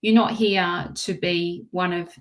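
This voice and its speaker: A woman giving a live tarot reading, soft and reassuring, often repeating her phrases. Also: lowish voice, steady tone, slow. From Australia. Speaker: tarot reader.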